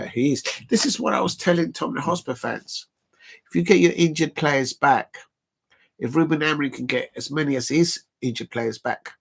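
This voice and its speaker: A man hosting a live football watch-along, sounding worn out as he talks. His mid-pitched voice carries a gravelly fry, and he rambles loosely, padding his sentences with fillers while reading quotes to his viewers. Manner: rambling, full of "uh" fillers, reads quotes aloud. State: tired. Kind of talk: casual live-stream commentary.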